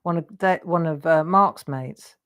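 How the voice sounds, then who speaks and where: A woman's voice: low voice, unhurried. An English woman hosting a live crafting show, telling rambling anecdotes and laughing often. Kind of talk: chatty storytelling while crafting.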